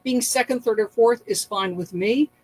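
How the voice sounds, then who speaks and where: A woman hosting an online reselling vlog. She talks to the camera in a casual, animated way, with laughing and exaggerated asides. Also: fairly high pitch, moderate pace, rough recording. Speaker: online reselling channel host. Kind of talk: casual talking-head vlog.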